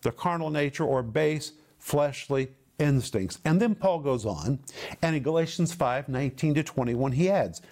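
A man teaching the Bible on a television program, explaining Greek words with slow, emphatic stresses. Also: fairly high pitch, expressive, darkish tone.

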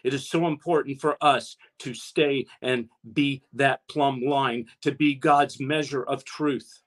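Guy preaching a sermon online, fired up, voice climbs when he pushes his point, normal mid pitch. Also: steady tone, slow. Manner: impassioned, rising in pitch when exhorting. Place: streamed online, talking to a chat audience.

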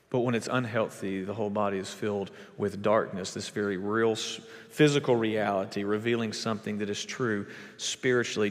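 A man preaching a sermon as a pastor, emphatic, with big swings in pitch and volume. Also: long reverb tail.

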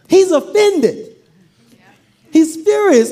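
A woman's voice: sits high, lively intonation, a little slow, dark tone. A woman pastor preaching a sermon, playfully acting out scripture with humor.

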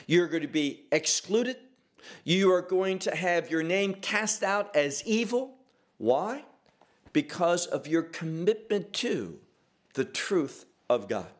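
A man delivers a sermon at a slow, deliberate pace, his pitch rising and falling in wide swings. He stresses key words and poses rhetorical questions, his voice sitting a little above the usual male range. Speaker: preacher.

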